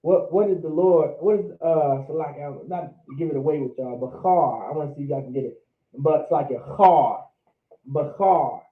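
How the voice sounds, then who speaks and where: A man giving a casual language lesson, repeating words slowly and talking informally to his class. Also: a little high. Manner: drawn-out repetition of words, informal. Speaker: teacher. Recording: echoey, tinny phone-like audio.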